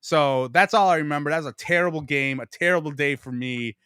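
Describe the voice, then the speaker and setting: A man's voice: fairly high pitch, fairly quick, pushed and bright, smooth, no room sound, studio quality. A man in his forties from Buffalo, guest on a sports talk podcast, telling long profane stories with self-mocking humor. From Buffalo, New York. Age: 40s. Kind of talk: casual sports chat.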